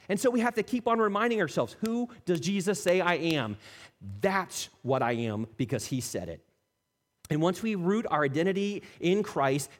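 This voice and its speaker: A man preaching a sermon as a pastor, animated, acting out the people he quotes and dropping to soft, intimate tones. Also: fairly high pitch. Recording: long reverb of a church hall.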